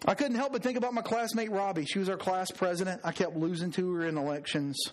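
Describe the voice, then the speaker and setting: Earnest preaching man, higher voice. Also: fast talker, hardly any pauses. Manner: earnest, storytelling, emphatic repetition. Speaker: pastor. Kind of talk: sermon.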